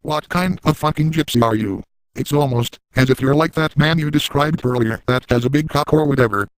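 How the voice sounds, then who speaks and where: A man's voice: fairly high pitch, a little fast, no room sound, close to an everyday voice, rough recording. A man voicing an exasperated, gullible young man who curses in disbelief. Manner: exasperated, cursing.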